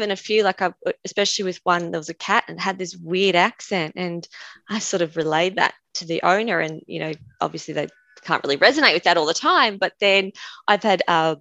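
A woman's voice: fairly low pitch, sharp tone, dry recording, dull audio. A woman with an Australian accent, a guest animal communicator who tells chatty stories and laughs often. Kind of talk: casual conversation.

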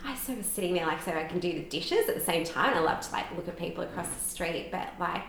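A woman's voice: on the low side, animated, quick pace, fairly bright tone. Candid woman telling her story in a roomy space. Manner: frequent "like" fillers, open and emotional. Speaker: podcast guest. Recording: roomy echo with faint background noise.

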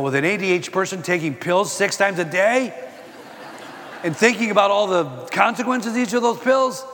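An older man giving a sermon-style talk, telling personal stories and quoting scripture in an animated way. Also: high voice, big-room sound. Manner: animated storytelling, quoting scripture and acting out exchanges. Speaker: Christian speaker.

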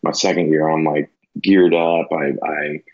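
A man with a very deep, husky voice tells a story in a loose, rambling way. He fills his talk with "you know" and "like" as he goes. The recording sounds dull and lo-fi. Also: level tone, a little slow. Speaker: podcast guest, elk hunter. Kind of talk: casual storytelling.

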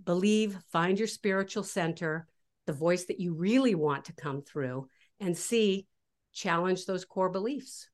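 A woman guest in a casual interview, explaining her ideas with animated, lively delivery and acting out inner voices. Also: on the low side, a little slow. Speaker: guest author.

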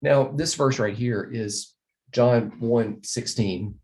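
A man's voice: mid-range voice, slow, darkish tone. A man teaching a recorded Bible lesson, explaining verses earnestly and repeating key phrases as he walks through slides.

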